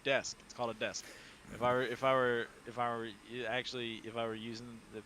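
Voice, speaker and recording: A man co-hosting a casual chat show, animated and playful, swearing freely. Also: medium pitch, quick pace, a little hiss or hum. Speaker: podcast co-host.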